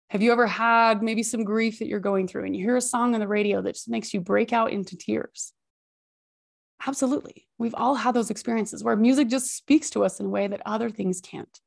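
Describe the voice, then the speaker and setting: A woman of middle pitch with a noticeably gravelly, creaky edge to her voice. She talks in an expressive, high-energy way, stacking emphatic lists as she hosts a self-help podcast. Her delivery is warm-hearted motivational coaching. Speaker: podcast host and habits coach.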